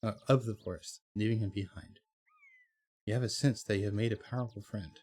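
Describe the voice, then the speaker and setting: A man's voice: lowish voice, fairly quick, darkish tone. A man playing a text adventure game, reading the story aloud and chatting about his choices. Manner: reads story text, then chats about choices with fillers and laughs. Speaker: game streamer.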